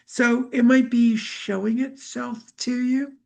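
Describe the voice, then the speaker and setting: A middle-aged woman leading a live healing session, talking gently and musingly about feelings and breath, with many fillers. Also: on the high side, fairly even intonation, slow pace, gravelly. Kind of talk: guided healing talk.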